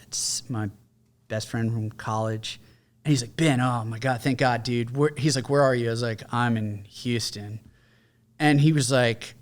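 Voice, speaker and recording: A middle-aged man, a combat veteran and podcast guest, telling his story in a candid, conversational way and acting out what others said. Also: mid-range voice. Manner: candid, conversational, mimics others in quoted lines. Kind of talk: casual storytelling.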